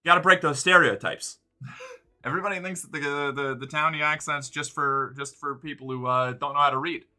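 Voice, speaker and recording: A man's voice: a little high, steady tone, brisk, sharp tone, soft background music. A man in casual chat, rambling with lots of profanity and frequent restarts.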